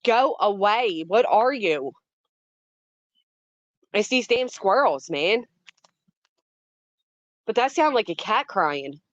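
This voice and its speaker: Livestreaming casually from a yard beside some trees, a woman speaks directly to her chat in a medium-pitched, very animated voice. She goes slowly with long pauses and reacts dramatically, easily startled. The audio is dry, slightly muffled, with no room sound.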